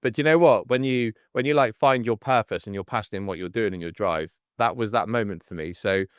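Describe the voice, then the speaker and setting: A man in his forties hosting a casual podcast chat, telling stories in an animated way and acting out the people in them. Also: on the low side, brisk, smooth, no room sound. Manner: animated storyteller, acts out the voices in his stories. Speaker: podcast host and coach.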